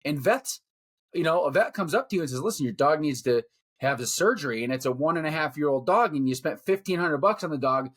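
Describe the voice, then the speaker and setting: A man's voice: a little high, animated, fast, a bit bright, husky. A middle-aged man co-hosting a podcast, ranting bluntly and profanely about his opinions in casual talk. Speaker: podcast co-host. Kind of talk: casual rant.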